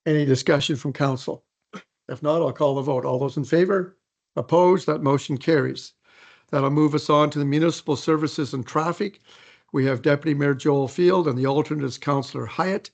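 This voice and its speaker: Man, council chair, formal procedural delivery, slightly raised pitch, council chamber. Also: creaky. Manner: procedural, measured, reads reports aloud. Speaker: mayor chairing council meeting.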